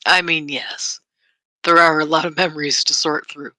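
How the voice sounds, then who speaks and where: A tabletop game player chatting in a slow, playful way. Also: mid-range voice, level tone, pushed and bright, no room sound. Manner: slow, playful, laughs often. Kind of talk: casual tabletop game chat.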